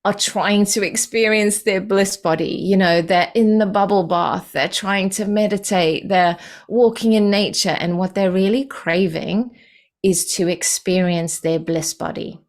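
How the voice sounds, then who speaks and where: A woman from the UK, a podcast guest calmly explaining ideas in a patient, unhurried way with frequent fillers. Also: mid-range voice. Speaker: podcast guest, energy healing practitioner. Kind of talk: explanatory interview talk.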